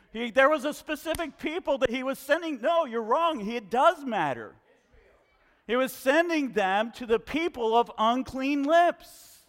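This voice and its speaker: A man preaching a sermon to his congregation, questioning them in an animated way. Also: very high voice, a little slow, long reverb tail. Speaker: pastor. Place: church hall with a congregation.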